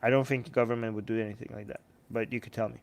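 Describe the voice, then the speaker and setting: A man hosting a live stream, giving heated, sarcastic commentary and yelling in bursts into a handheld microphone. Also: mid-range voice, flat delivery, rapid-fire, vocal fry. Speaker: livestream host.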